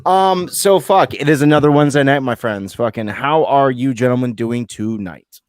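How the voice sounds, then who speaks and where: A man's voice: medium pitch, moderate pace, no echo. A man hosting a casual online show, joking and swearing freely. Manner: profane, joking, lively. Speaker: host. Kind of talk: casual podcast banter.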